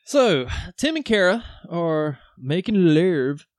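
A man's voice: a little high, no echo, clean studio sound. A man co-hosting a podcast, chatting casually, laughing often, swearing and acting out film lines. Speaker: podcast co-host. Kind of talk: casual chat.

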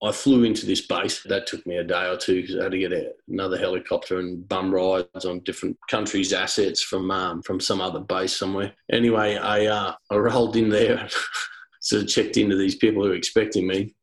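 A man's voice: sits low, flat delivery, brisk, low-quality recording. An Australian man, a former soldier, telling war stories in a laid-back, casual way with many fillers and some swearing. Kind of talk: casual storytelling.

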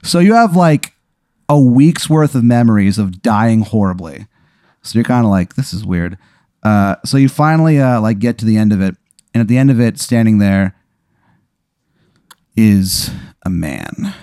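A man narrates an improvised tabletop game as game master, rambling through fillers. His voice is low and mellow, and the sound is dry and close. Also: lively intonation, normal speed, dry recording. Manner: laid-back, rambling, lots of fillers.

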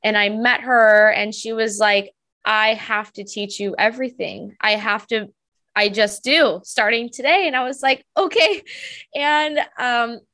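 A young woman with a slightly high voice tells a personal story in a relaxed, chatty way. She is animated, laughs often, and fills her sentences with "like." She speaks as a medium guesting on a podcast. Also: unhurried. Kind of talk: casual storytelling.

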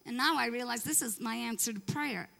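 A woman pastor telling a story from the pulpit in an animated way, acting out the voices of the people she quotes. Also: fairly high pitch, fairly quick, gravelly, big-room sound. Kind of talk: storytelling sermon.

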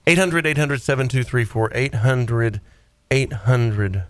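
Joking Southern radio host. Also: male voice, mid-range voice, a little slow, no echo. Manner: rambling, jokey, animated. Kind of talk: casual radio banter. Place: radio studio.

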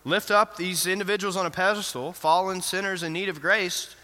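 A man's voice: high-pitched, fairly even intonation, brisk, bright, forceful tone. A man preaching an interactive sermon in a church, asking the congregation questions and affirming their answers. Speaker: pastor. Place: church sanctuary. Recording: reverberant church hall.

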